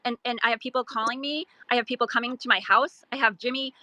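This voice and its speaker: Caller: woman, fast and insistent, bright tense voice, dry close sound. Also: fairly high pitch, fairly even intonation, no room sound. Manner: emotional, rapid and insistent. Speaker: caller in an audio chat room. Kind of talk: heated personal account.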